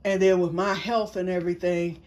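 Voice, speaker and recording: A woman's voice: lowish voice, steady tone, fairly quick, a little mellow. Rambling, self-correcting middle-aged woman. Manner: folksy, says y'all. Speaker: vlogger. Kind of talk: casual personal vlog.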